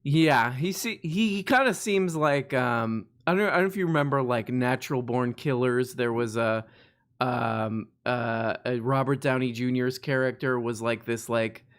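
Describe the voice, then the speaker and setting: A man's voice: medium pitch, moderate pace, a bit bright, clean tone. Rambling, laughing male stream host. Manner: rambling, laughs often, many restarts. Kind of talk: casual live-stream chat.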